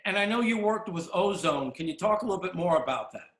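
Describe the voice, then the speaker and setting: A man's voice: high-pitched, animated, fast talker, a bit bright. A man hosting an interview, asking questions with small hesitations and repeated words. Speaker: show host. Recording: roomy echo.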